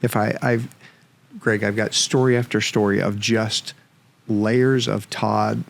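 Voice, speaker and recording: A man in his fifties, a podcast guest, telling a story in a frank, animated way and swearing freely. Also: fairly low pitch, takes it slowly, creaky. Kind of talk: casual storytelling.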